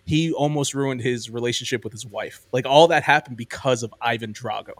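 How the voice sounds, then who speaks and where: In a dry recording, a man with a mid-range voice talks a little fast while hosting a podcast. Rambling and enthusiastic, he casually discusses ranking movies, using "like" and "um" a lot.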